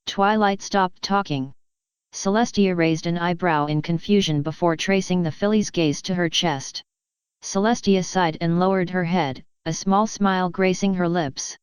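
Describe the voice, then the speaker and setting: A woman narrating a fan fiction audiobook in a steady, measured way. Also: lowish voice, clear, resonant tone, dry recording, rough recording.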